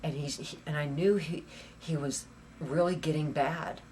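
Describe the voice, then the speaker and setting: Woman interviewee, raw first-person testimony, halting repeats, swings loud to whispered. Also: deep voice, fairly even intonation, a little hiss or hum. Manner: halting, repeats phrases, grows intense and loud, drops to whispers.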